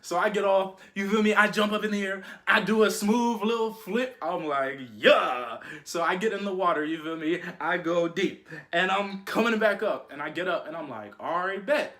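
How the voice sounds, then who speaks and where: Young guy telling a story, slangy and animated, bright tense voice, kinda high. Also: moderate pace, few pauses. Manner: slangy, animated, keeps saying "you feel me". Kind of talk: casual storytime monologue.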